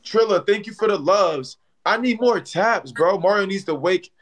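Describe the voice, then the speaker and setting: A young man chatting on a phone livestream, loud and excitable, full of slang and repeated "bro". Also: high-pitched, normal speed. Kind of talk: casual livestream banter.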